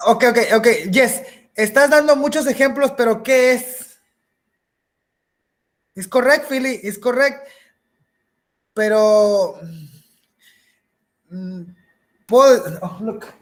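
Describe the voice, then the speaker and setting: A woman's voice: a little high, slow pace, long pauses. A woman teaching a beginner English class, patiently repeating words, checking that students follow, and slipping into Spanish now and then.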